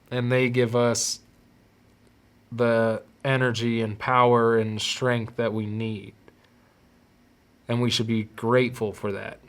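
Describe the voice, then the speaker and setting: Man of middling pitch hosting a confessional podcast, halting and repeating himself. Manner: halting, repeats words while searching for them. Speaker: podcast host. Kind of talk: confessional personal monologue.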